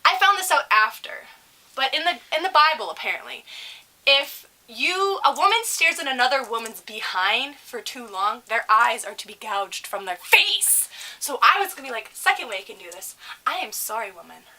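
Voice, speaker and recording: A young woman co-hosting a casual chat show, telling a story in an animated, profane, ranting way. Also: a little high, moderate pace. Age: young adult. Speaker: podcast co-host.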